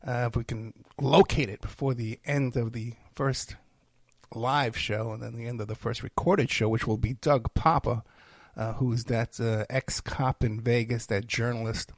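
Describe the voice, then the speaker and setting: A man hosts his own podcast and rambles through plugs and stories. He is full of fillers and self-deprecating asides. His voice is gravelly and close in a dry, dead-sounding recording, and he sounds tired and under the weather. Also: mid-range voice, steady tone, unhurried, no echo. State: tired, feeling unwell. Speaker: podcast host and private investigator. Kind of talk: rambling solo podcast talk.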